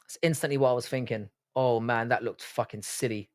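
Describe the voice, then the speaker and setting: A man's voice: medium pitch, steady tone, a little fast. An Irish man hosting a live fight watch-along stream, reacting casually and profanely and reading out chat messages. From Ireland. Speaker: livestream host.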